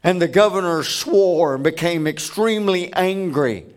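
A man's voice: high voice, normal speed. A man preaching a sermon, telling stories with emphatic, earnest delivery. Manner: emphatic storytelling.

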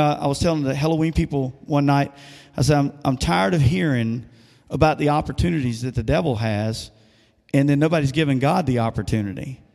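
A male pastor delivers a sermon in a church sanctuary, talking conversationally and tossing questions out to his congregation. His voice sits a little high for a man, and a long reverb hangs around it in the big room. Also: vocal fry, a little mellow. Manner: conversational preaching with call-and-response questions.

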